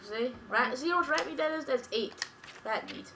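A woman giving rapid, bossy directions to someone playing a game. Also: high-pitched, animated, background noise. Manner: bossy, rapid-fire instructions. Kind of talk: casual let's-play chat.

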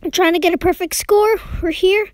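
A young woman giving casual commentary while playing a map-guessing game, excitedly talking to herself as she guesses. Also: very high voice, a little fast, no echo, studio quality. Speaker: game player.

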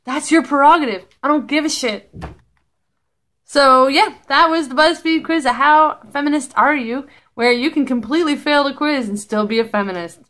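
Blunt, high-voiced woman. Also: moderate pace, fairly bright tone. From Canada. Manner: blunt, profane and sarcastic. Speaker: vlogger. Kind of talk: casual vlog commentary.

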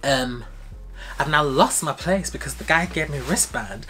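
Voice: medium pitch, lively intonation, a little fast, fairly bright tone, soft background music. A young adult telling a casual storytime, acting out quoted dialogue with big, dramatic jumps in voice. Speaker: vlogger.

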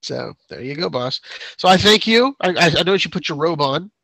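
A man's voice: a little high, animated, moderate pace, creaky, bright, forceful tone, dry recording. A man co-hosting a show, chatting casually, rambling and laughing often. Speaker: podcast co-host. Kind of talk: casual chat.

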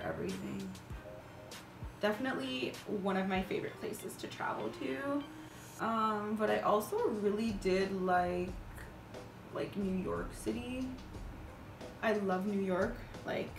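A woman in her twenties, a beauty vlogger chatting casually while doing her makeup, telling stories in an animated way with lots of fillers. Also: medium pitch, creaky. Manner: animated storytelling, filler-heavy. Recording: roomy echo with background music.

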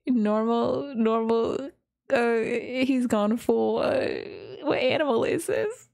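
A woman hosting a reaction video in casual commentary, laughing constantly and exclaiming in quick bursts. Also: fairly high pitch, vocal fry, very noisy.

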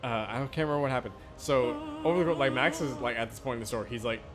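A man's voice: mid-range voice, rapid-fire, music in the background. A man co-hosting a casual gameplay commentary, rambling and swearing. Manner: rambling, swearing, laughs at jokes. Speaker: co-host of a gaming let's play.

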